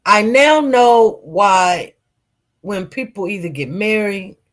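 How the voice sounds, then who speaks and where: Woman streamer talking straight to viewers, slow and loose, full of fillers and restarts, mid-pitched. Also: animated. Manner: rambling, many fillers and repeated words. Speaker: streamer telling personal stories. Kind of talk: casual storytelling to viewers.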